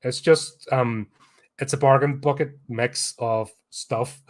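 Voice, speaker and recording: A Belfast man in full rant mode, tearing into a film with blunt sarcasm and plenty of swearing. His pitch sits mid-range for a man and his talk is casual and unscripted. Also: fairly even intonation, extremely slow, pauses often. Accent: Northern Irish, Belfast. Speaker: podcast host, film reviewer.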